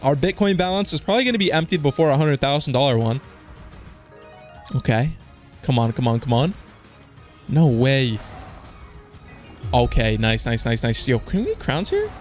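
A man giving live gambling commentary as a slots streamer, casual and slangy, swearing and bursting into yells on big hits. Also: medium pitch, lively intonation, normal speed, pauses often, faint music behind. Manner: casual slang, keeps saying "dude" and "man".

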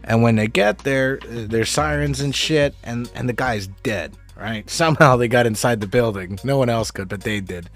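A man's voice: medium pitch, moderate pace, few pauses, soft background music. A man casually recapping a TV episode, rambling and swearing, with lots of fillers and restarts. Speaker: show recap host.

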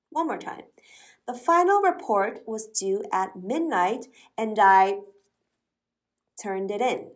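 A woman teaching an English lesson, speaking slowly and clearly and spelling words out letter by letter. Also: fairly high pitch, lively intonation.

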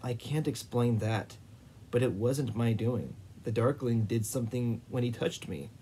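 A man's voice: medium pitch, lively intonation, unhurried, dark tone, a little hiss or hum, natural voice. A man reading the lines of a sarcastic, frustrated young woman in a storybook. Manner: sarcastic, snappish.

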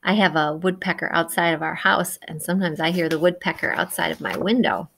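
A woman reading a picture book aloud to young children, gentle and encouraging, chatting about the pictures and imitating the story's sounds. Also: lowish voice, fairly quick, gravelly. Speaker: children's read-aloud presenter.

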